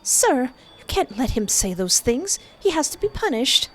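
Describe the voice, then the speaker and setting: A woman's voice: mid-range voice, sing-song, moderate pace, slightly rough, soft background music. A woman voicing a spoiled, haughty teenage rich girl who talks in an indignant, whiny way.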